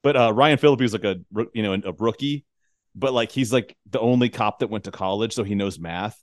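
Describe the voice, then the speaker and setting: A man hosting a casual podcast conversation, loose and profane, laughing easily between his points. His voice sits a little low. The sound is dry and close, with no room around it. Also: fairly quick, no echo. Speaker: podcast host. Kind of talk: casual chat.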